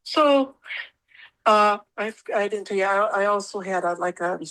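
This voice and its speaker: A woman's voice: medium pitch, measured pace, a bit bright, poor audio. A woman guest telling her stories in a casual interview, rambling and repeating words as she acts out what she said.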